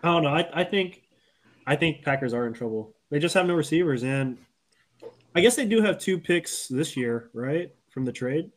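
A man's voice: fairly high pitch, expressive, moderate pace. A man hosting a sports podcast, hesitant and steering the talk with questions. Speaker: podcast host. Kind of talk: casual sports podcast chat.

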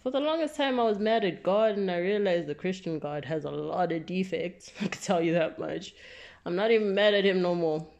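A woman performing an impassioned spoken-word monologue, fiery and profane, moving between raised outbursts and low, bitter confession. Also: a little fast, vocal fry, darkish tone. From South Africa.

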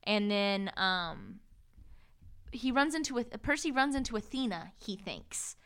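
A woman's voice: mid-range voice, expressive, unhurried, a bit bright, smooth. A woman co-hosting a casual book discussion, chatty and retelling scenes with quoted voices. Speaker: podcast co-host.

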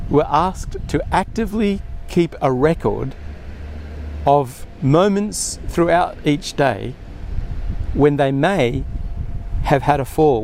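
A man's voice: on the high side, darkish tone, a little hiss or hum. A man preaching a sermon in an earnest way, often acting out quoted speech with more emphasis.

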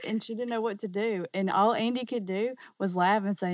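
A woman co-hosting a podcast, telling a family story briskly and acting out what the children said. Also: medium pitch, no echo. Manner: brisk narration, acts out quoted kids' lines. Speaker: podcast co-host. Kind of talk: casual storytelling. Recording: dry, dull lo-fi podcast audio.

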